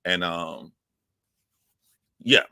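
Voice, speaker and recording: A man with a very low, bright and forceful voice chats on a livestream from his phone at home. He rambles, restarts his sentences and talks straight to viewers. The sound is dry and close. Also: drawn-out words, clean tone, no room sound. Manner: rambling, self-correcting, chatty. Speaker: YouTube livestream host. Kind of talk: casual livestream monologue.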